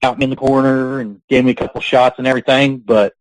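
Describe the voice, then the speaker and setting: A man's voice: mid-range voice, little pitch movement, fast talker, no echo, rough recording. A man being interviewed on a podcast, telling long rambling stories and laughing between them. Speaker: guest, pro wrestler. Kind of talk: casual podcast interview storytelling.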